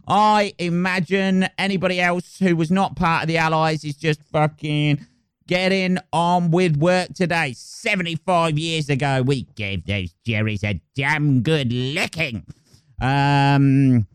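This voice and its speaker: A man's voice: on the high side, slow, clean tone, dry recording, studio quality. A young man hosting a podcast, rambling crudely and swearing in a casual comic monologue. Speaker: podcast host. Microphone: close podcast mic.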